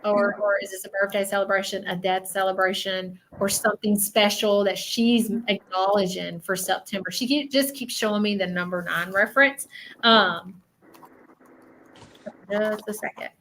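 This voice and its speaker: Southern woman medium, bright voice with a faint hiss behind it, soothing and repetitive on a live reading. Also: medium pitch, steady tone, moderate pace, rough recording. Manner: reassuring, repeats herself, keeps asking okay. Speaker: spiritual medium.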